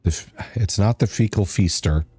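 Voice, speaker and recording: A man's voice: lowish voice, normal speed, warm tone, husky. A man streaming a game, chatting casually and joking, at times hamming up a bro voice. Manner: joking, slips into a mock bro voice. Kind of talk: casual gameplay commentary.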